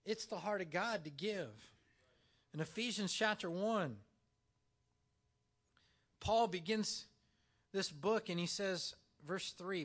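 A man preaching a sermon in a church, animated and emphatic, using dramatic pauses. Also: sits high. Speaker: pastor.

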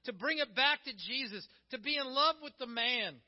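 A man's voice: very high voice, expressive, moderate pace. A male pastor preaching a sermon in a conversational way, acting out the quotes he tells. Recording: dull, muffled recording.

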